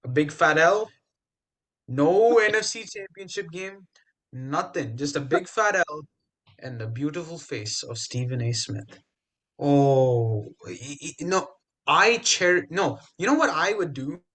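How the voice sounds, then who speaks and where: A young man co-hosting a podcast, talking sports in an animated, emphatic, trash-talking way. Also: fairly high pitch, takes it slowly. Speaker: podcast co-host. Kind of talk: casual sports chat.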